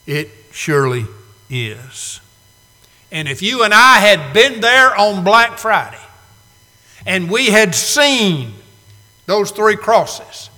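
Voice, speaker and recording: Male preacher, high bright voice, slow deliberate delivery, big church echo. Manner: dramatic swings from loud to hushed, slow emphatic phrasing. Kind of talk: sermon. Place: church sanctuary. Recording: long hall reverb.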